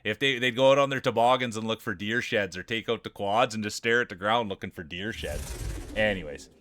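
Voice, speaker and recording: A man from Canada hosting a live stream, chatty and excitable, laughing often and calling people "dude". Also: fairly low pitch, brisk. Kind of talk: casual live-stream commentary.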